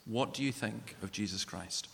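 A man's voice: on the low side, moderate pace, gravelly, a bit bright. A man giving an earnest, personal evangelistic talk in a church. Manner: earnest, personal, conversational testimony. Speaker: guest speaker and author. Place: large church. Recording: long church reverb.

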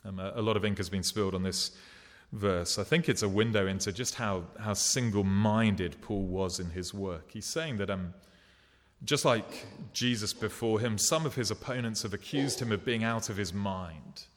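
Male preacher, lowish voice, earnest and unhurried, long hall reverb. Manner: earnest, unhurried, paints vivid scenes, drops soft at tender moments. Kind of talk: sermon.

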